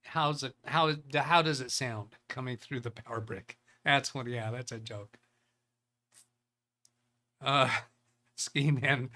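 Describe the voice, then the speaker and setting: A man's voice: mid-range voice, fairly even intonation, takes it slowly, long pauses, bright, forceful tone. A man hosting a live tech show, reading viewer chat and thinking aloud in a loose, rambling way. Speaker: tech livestream host.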